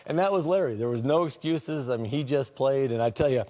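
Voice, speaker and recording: A man recounting old game stories with a steady mid-range voice. He laughs often and drops into quoted lines as he goes. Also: medium pitch, fairly quick. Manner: laughing often, quoting others in different voices. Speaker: former teammate telling stories. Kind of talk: animated anecdote telling.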